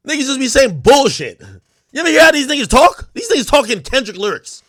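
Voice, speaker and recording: A man's voice: very high voice, big pitch swings, moderate pace, bright, forceful tone, no room sound, studio quality. A man in his thirties hosting a livestream, ranting to his chat in a profane, mocking way and laughing often. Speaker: livestream host. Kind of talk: casual rant to a live chat.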